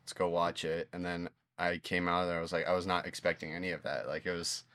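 Deep, smooth-voiced male guest. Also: little pitch movement, quick pace, fairly bright tone, dry recording. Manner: enthusiastic, rambling. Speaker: guest filmmaker. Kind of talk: casual conversation.

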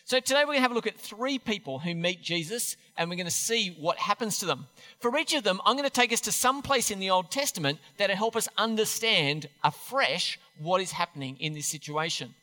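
A male preacher gives a sermon in a chatty, self-deprecating way. His voice is high and bright, and his pitch swings widely. Long reverb from the church hall trails behind him. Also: expressive, fairly quick.

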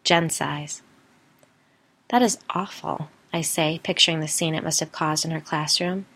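A woman narrator giving a plain, even-toned first-person story reading. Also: low-pitched, moderate pace. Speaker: audiobook narrator.

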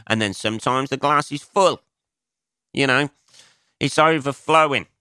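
Swearing comedian, bright crisp voice. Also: male voice, a little slow, no echo, studio quality. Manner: swearing, self-mocking, answers his own asides in a higher voice. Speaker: comedian and podcast host. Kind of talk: casual solo podcast monologue.

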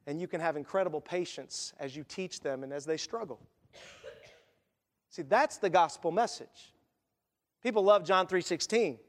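A man with a high voice preaches a sermon, talking to the congregation like a friend and acting out quotes along the way. His words ring out with a long reverb, as in a large church sanctuary. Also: moderate pace, pauses often. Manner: conversational preaching with asides and acted quotes. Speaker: pastor.

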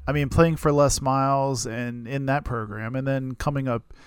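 A man's voice: mid-range voice, steady tone, normal speed, smooth, dry recording. A man co-hosting a sports talk show, chatting casually and reflectively about a player. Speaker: radio co-host.

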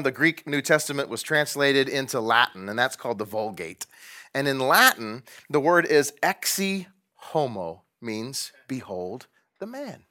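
A man delivers a sermon in a bright, forceful voice. He is dramatic, acts out the lines he quotes and swings from loud to hushed. His pitch sits in the middle range for a man. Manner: dramatic, acts out quotes, varies loudness widely. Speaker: preacher. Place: room with a painting behind him.

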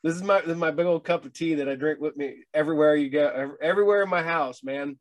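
A middle-aged man speaking as a guest in a casual chat, halting and repeating words with a wry edge. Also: fairly high pitch.

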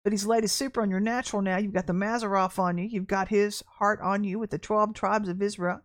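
A woman's voice: medium pitch, steady tone, a little fast. A middle-aged woman hosting a livestreamed prophetic podcast, talking bluntly and animatedly, laughing at herself and repeating phrases for emphasis.

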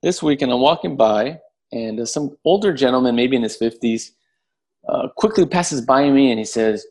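A man, a podcast guest who tells a story in a casual, animated way, swearing freely and acting out the voices of the people in it. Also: medium pitch, normal speed. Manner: animated, profane, acts out voices in his story.

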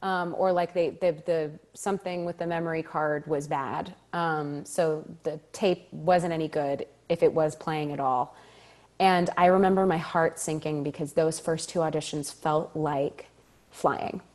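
A woman actor telling a story as an interview guest, animated and quick to laugh, acting out the lines she quotes. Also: low-pitched.

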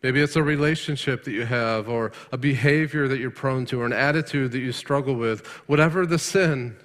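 A man preaching a sermon, firing rhetorical questions and swinging from emphatic peaks to quiet, hushed lines. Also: mid-range voice, fairly quick. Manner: rhetorical questions, rising to emphatic then dropping soft. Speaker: pastor. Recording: long hall reverb.

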